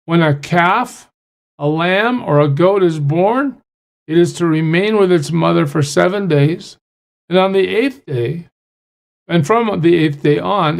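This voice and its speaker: Guy doing a bible study, reads verses then breaks in with chatty asides, kinda high and gravelly. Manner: reads scripture aloud and breaks off to explain it in plain chatty asides. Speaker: pastor.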